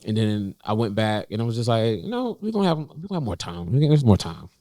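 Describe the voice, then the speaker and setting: In a cafe, a young North Carolina podcast co-host tells a personal story conversationally, halting often with fillers and restarts. His fairly low, dark-toned voice is animated and rises whenever he quotes himself. The sound is clean studio quality with no room sound.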